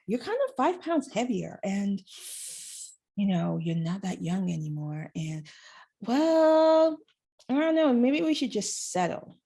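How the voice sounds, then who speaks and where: A woman voicing her own belittling female inner critic, condescending and doubting, in a mellow, husky voice. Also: fairly high pitch, huge pitch swings, moderate pace, full character voice. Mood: scornful.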